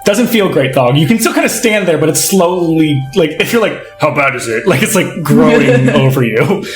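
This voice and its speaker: A man's voice: on the high side, lively intonation, moderate pace, echoey room, faint music behind. A man running a tabletop game as game master, narrating in a rambling way full of fillers and laughs.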